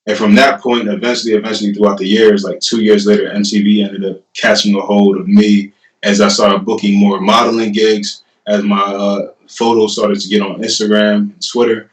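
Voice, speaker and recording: A young man in his twenties tells his story as a guest in a loose, laughing, animated way. He sits a little back from the mic. The room adds a noticeable echo. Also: on the low side, normal speed. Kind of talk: casual storytelling. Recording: roomy, distant mic.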